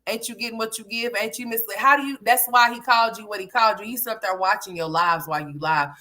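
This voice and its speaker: A woman's voice: on the high side, fast, sharp tone. A woman hosting casual reaction commentary, blunt, sassy and profane as she talks back at a clip. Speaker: commentary host.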